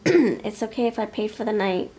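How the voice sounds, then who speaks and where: A woman voicing a calm, considerate lover in a matter-of-fact tone. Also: mid-range voice, moderate pace, a little hiss or hum, lightly acted. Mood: reassuring.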